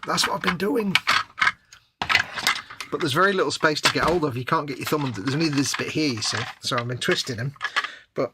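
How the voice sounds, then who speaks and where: A man's voice: mid-range voice, fairly quick. A British man chatting casually and mocking himself as he struggles with a model kit on a live stream. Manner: self-mocking, muttering while fiddling with parts. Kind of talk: casual chat while building a model. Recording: loud background noise, keyboard clicks.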